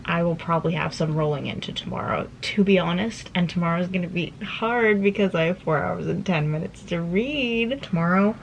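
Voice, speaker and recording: A woman's voice: fairly low pitch, a little fast, creaky, hardly any pauses, lo-fi sound, a little hiss or hum. A young woman vlogging casually about her reading, chatty and rambling with lots of fillers, at home. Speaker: book vlogger. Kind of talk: casual vlog chat.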